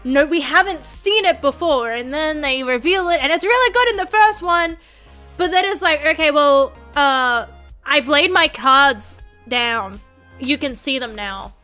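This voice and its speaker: A woman VTuber chatting casually on stream, rambling and animated, full of fillers and restarts. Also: high voice, unhurried, soft background music.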